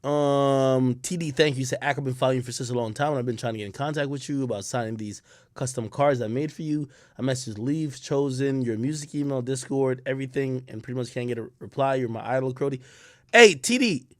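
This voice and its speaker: A man's voice: medium pitch, brisk, dry recording, studio quality. A man streaming live, chatting loosely with his viewers and swearing freely. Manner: loose and profane, reacting to chat, swings loud and quiet. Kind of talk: casual livestream chat.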